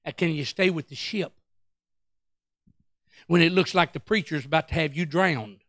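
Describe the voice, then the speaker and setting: A man's voice: fairly high pitch, moderate pace, dry recording, clean studio sound. A male pastor, preaching a storytelling sermon in a church, acting out quotes and calling out to the congregation. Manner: animated, acts out quotes, Pentecostal call-outs.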